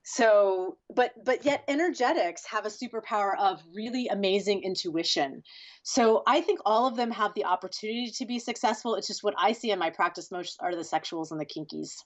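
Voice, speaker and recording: Lively woman, warm and breathy. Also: mid-range voice, fairly quick, lo-fi sound. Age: 40s. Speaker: guest sex educator. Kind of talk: podcast interview answers.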